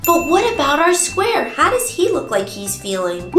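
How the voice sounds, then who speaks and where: Woman, preschool teacher, high voice, sing-song, roomy sound, music playing behind. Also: normal speed. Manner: animated, exaggerated, gasping and singing. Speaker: preschool circle-time teacher. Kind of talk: sing-song lesson for toddlers.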